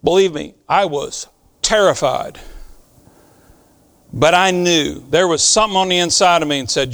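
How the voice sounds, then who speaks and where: A man with a high voice preaching from the pulpit. He talks earnestly and with emphasis, dropping to a hush and then rising again as he drives home his point. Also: normal speed, pauses often. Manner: earnest, emphatic storytelling with sudden soft and loud swings. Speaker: pastor. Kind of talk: sermon.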